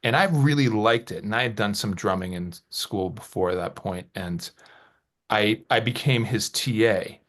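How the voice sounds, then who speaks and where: A man's voice: on the low side, unhurried, fairly bright tone. A middle-aged man co-hosting a casual podcast, telling a personal story in a rambling, hesitant, self-deprecating way. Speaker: podcast co-host.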